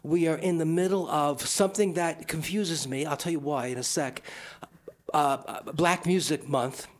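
A man's voice: on the high side, moderate pace. A man co-hosting a community radio show, rambling and joking with many restarts. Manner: rambling, self-interrupting, jokey. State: out of breath. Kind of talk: casual radio chat.

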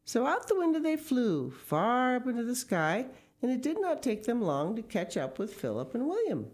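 A woman's voice: fairly high pitch, wildly swooping pitch, moderate pace, a little mellow. A woman reading a children's story aloud expressively, with casual asides. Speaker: story reader.

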